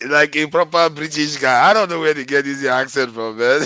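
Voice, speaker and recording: A Nigerian-born man on an online discussion panel, talking in an animated way and laughing as he reacts. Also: on the high side, moderate pace, few pauses, no echo.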